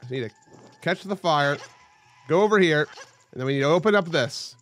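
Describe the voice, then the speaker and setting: This let's play host is a young man with a fairly high pitch who talks fairly quickly. He keeps the commentary on his gameplay casual and excitable, full of jokes and abrupt yelps.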